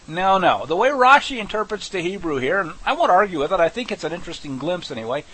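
A man teaching scripture verse by verse, animated and conversational with folksy asides. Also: high voice, fairly quick, hardly any pauses, breathy edge, low-quality recording. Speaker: Bible teacher.

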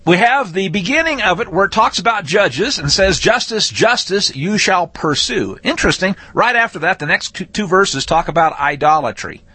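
A man teaching a Torah portion in a lively, folksy, conversational way, rereading verses with shifting emphasis. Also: sits high, fairly quick, few pauses, slightly rough, dry recording. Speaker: Bible teacher.

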